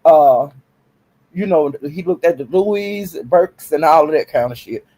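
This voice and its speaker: A man talking casually and sassily on a live stream, swinging into high exclamations. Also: lively intonation, measured pace, dark tone.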